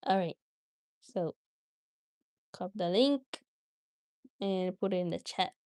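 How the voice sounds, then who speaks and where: A woman's voice: on the low side, slow pace, darkish tone. A woman hosting a livestream, talking casually and giggling as she chats straight to her viewers. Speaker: livestream host.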